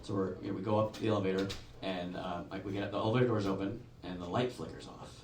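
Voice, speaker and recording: In an echoey comedy club, recorded from far off with the crowd present, a man in his forties talks fast in a voice that sits low, with a little hiss or hum. His stand-up set is animated storytelling with acted-out voices.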